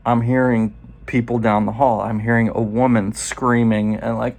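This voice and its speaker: A man's voice: mid-range voice, little pitch movement, creaky, darkish tone. A man in his forties telling a loose, profane story in a casual first-person way. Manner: loose and profane, quoting others in quick asides.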